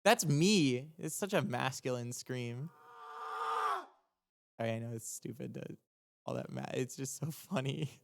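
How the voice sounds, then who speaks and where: A young man, a music producer, talking casually on a livestream as he breaks down his own track, rambling and halting with lots of ums, restarts and casual swearing. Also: mid-range voice, gravelly, very noisy. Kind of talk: casual explanatory livestream talk.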